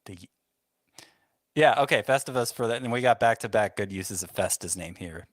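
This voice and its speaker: Man, podcast co-host, casual chat, wry and understated, low pitch, dry mic. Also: normal speed, no room sound. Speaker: fantasy baseball podcast co-host.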